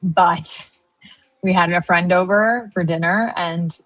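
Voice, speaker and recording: A woman in her thirties co-hosting a live trading stream, chatting casually and telling a lively story with animated quoted voices. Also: fairly low pitch, slow. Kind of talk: casual chat.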